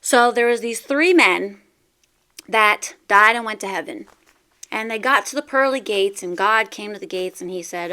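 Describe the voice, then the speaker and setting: A woman hosting a podcast, talking in an upbeat, encouraging way and telling a joke as an animated storyteller. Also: medium pitch, moderate pace, clear, resonant tone. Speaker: podcast host.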